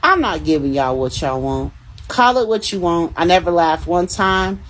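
A woman's voice: fairly low pitch, animated, moderate pace, slight background noise. A young adult woman hosting a casual livestream, calling out commenters in a profane, teasing way and laughing between remarks. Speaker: livestream host reading comments.

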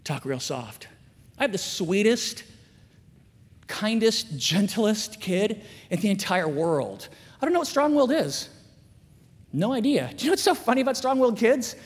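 A man giving a candid, self-mocking, animated storytelling talk at a school chapel. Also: sits high, normal speed, long pauses, breathy edge. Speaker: chapel speaker. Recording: long reverb of a large chapel.

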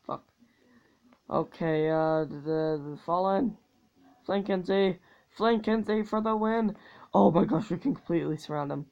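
A woman's voice: fairly low pitch, unhurried, dull audio. A young woman giving casual commentary on a strategy game, talking loosely with lots of fillers and swearing. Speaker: gameplay commentator. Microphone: tablet's built-in mic.

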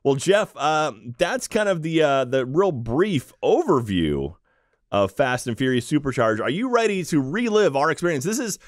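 A man's voice: fairly high pitch, very animated, moderate pace, no echo, clean studio sound. A man hosting a podcast, chatting in a rambling, playful way with lots of restarts. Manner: rambling, playful, repeats himself. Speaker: podcast host. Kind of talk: casual podcast chat.

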